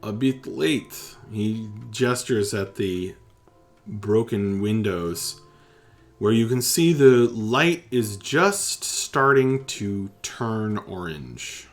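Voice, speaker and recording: A man narrating as game master for a tabletop game, slowly and haltingly, restarting his phrases. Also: lowish voice, lively intonation, soft background music.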